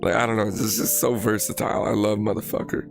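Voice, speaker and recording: A man's voice: fairly low pitch, flat delivery, fast talker, creaky, music in the background. An American man chatting casually and profanely with viewers on his live stream while he plays a game, rambling as he talks. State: recovering from illness.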